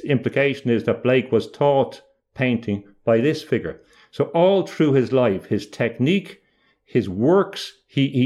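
A man's voice: medium pitch, a little mellow. A middle-aged man speaking about mystical ideas in a thoughtful, lecture-like way, often restarting and repeating words.

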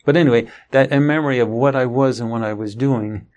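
A man's voice: medium pitch, fast, darkish tone, dull audio. A middle-aged man giving an interview, telling a long story in a rambling way with frequent restarts. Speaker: interview guest. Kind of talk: conversational storytelling.

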